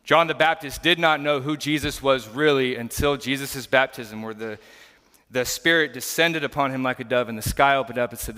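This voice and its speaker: A pastor preaching in a church, his tense, bright voice ringing out with a long reverb behind it. He is a man who explains scripture in an earnest, plain, conversational way. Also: medium pitch. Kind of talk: conversational sermon. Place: church sanctuary.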